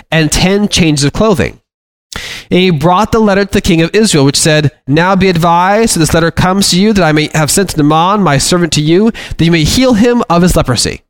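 A somewhat high-voiced man gives a Bible lesson, reading scripture aloud and lifting his pitch for the quoted speech. He then explains the passage in earnest, plain words. His voice sounds close and dry, with no room around it. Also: clean tone, no echo. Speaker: Bible teacher.

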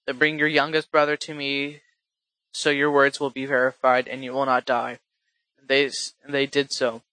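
A man reading scripture aloud in a halting way, often restarting and correcting himself. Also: mid-range voice, completely flat delivery, pushed and bright, no echo, poor audio. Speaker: scripture reader.

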